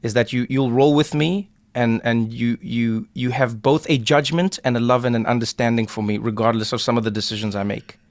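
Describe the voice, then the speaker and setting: A man hosting a casual podcast chat, a playful and animated storyteller who acts out the people he talks about. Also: mid-range voice, a little fast, hardly any pauses, no room sound. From South Africa. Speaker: podcast host.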